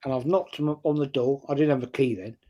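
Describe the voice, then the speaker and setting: A man's voice: mid-range voice, a little fast, mellow. An older man with a London accent telling a long personal story in casual chat, often checking in with "right?". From North London. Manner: anecdotal, repeats "right?" often. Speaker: fan channel panelist.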